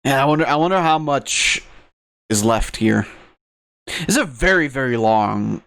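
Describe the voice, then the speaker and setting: A man's voice: mid-range voice, animated, measured pace, creaky. A man giving casual let's-play commentary while playing a game, musing and rambling aloud. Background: loud game music.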